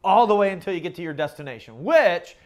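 Here a middle-aged pastor preaches quickly, his high voice lively in intonation yet darkish in tone. He talks to the congregation conversationally, often asking "okay?" or "right?" and circling back to repeat and restart his phrases.

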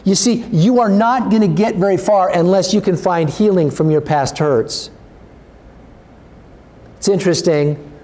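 Earnest pastor with a mellow voice. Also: male voice, a little slow, long pauses. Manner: earnest, urging, rises in pitch when exhorting. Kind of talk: sermon.

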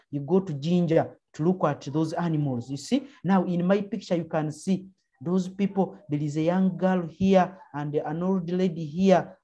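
A woman's voice: lowish voice, dark tone, breathy edge, highs cut off. A woman teacher with a Ugandan English accent, leading an online primary class over a video call, encouraging pupils with frequent uh-huhs. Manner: encouraging, prompting with frequent uh-huh and mm-hmm.

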